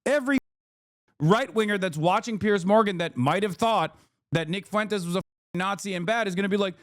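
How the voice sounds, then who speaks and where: A man's voice: sits high, moderate pace, a bit bright, no room sound, studio quality. A man in his thirties commenting on a debate clip in casual, emphatic, argumentative talk with some swearing. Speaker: streamer reacting to a debate clip.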